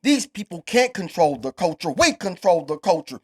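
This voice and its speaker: A man from the United States hosts a podcast and argues hard, pressing his points with profane, emphatic bursts. His voice sits high for a man. He drives each line home with swelling force. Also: sing-song, normal speed, darkish tone, breathy edge. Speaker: podcast host. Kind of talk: heated podcast debate.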